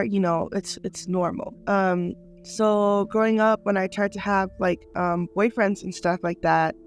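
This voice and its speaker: A woman telling her own life story in an unscripted interview, speaking in a halting, earnest way full of small fillers. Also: lowish voice. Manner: halting and earnest, many "like" and "you know" fillers. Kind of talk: personal testimony, unscripted.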